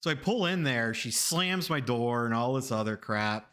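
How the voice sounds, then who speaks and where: A bright, forceful man from Florida telling a story to his stream chat. He repeats phrases and rambles. He leaps into high, loud voices when he quotes the people in his stories. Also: normal speed, clean tone. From Florida, USA. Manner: animated, rambling, repeats himself, laughs often. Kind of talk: casual storytelling to a live chat.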